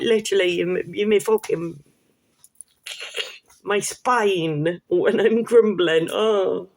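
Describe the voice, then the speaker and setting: A woman ranting casually to camera as a vlogger, rambling and swearing, with laughing asides. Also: mid-range voice.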